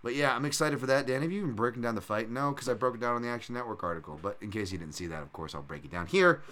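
A young man hosting a casual solo fight-breakdown podcast, rambling with lots of fillers and bursting into loud impressions. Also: mid-range voice, very fast. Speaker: podcast host, MMA analyst.

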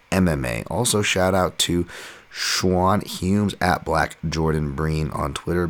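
A man's voice: a bass voice, fairly bright tone. A man hosting a podcast in a casual, rambling monologue that wanders off on tangents. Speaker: podcast host.

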